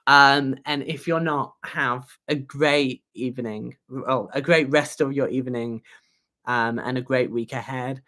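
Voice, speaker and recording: A young adult hosting a casual livestream as a student union candidate, talking in a halting way with fillers and idle humming. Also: medium pitch, fairly even intonation, bright, forceful tone. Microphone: webcam or phone on a livestream.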